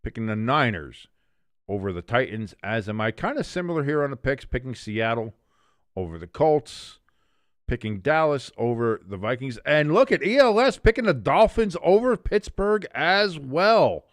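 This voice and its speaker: A man hosting a casual sports preview, running through his picks in an animated, jokey, chatty way. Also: medium pitch, moderate pace, no room sound, clean studio sound. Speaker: sports show host.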